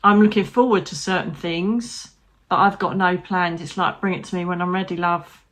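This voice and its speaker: This British woman, a psychic medium, has a lowish voice with a steady tone and moderate pace. In her to-camera vlog she speaks frankly and sincerely to viewers, swearing freely and joking lightly.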